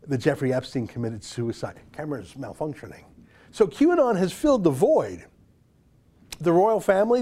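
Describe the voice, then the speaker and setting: A man's voice: a little high, mellow. A man delivering an opinion monologue as a political commentator, sarcastic and incredulous, firing rhetorical questions.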